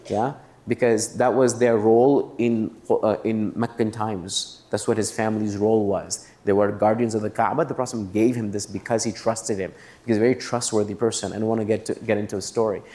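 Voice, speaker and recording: A man's voice: mid-range voice, a little mellow. A man giving a religious lecture at a student convention, reciting Arabic verses and translating them, and asking the audience rhetorical questions in a conversational way. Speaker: Islamic lecturer.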